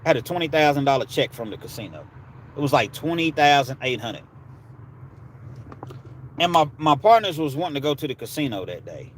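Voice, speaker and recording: A livestream host with a medium-pitched, fairly bright voice chats casually with viewers and tells laid-back stories full of street slang. A little hiss or hum runs under the audio.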